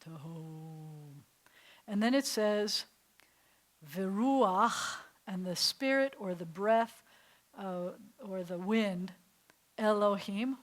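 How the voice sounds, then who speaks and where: Lingering over every word, a warm, playful woman rabbi leads an adult Hebrew lesson, now and then sinking to a soft whisper for effect. Her voice is mid-range, and the audio is poor.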